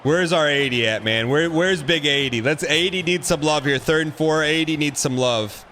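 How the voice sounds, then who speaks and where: A man streaming a football video game, giving excitable running commentary and repeating phrases as he plays. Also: on the high side, moderate pace, soft background music. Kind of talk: live gameplay commentary.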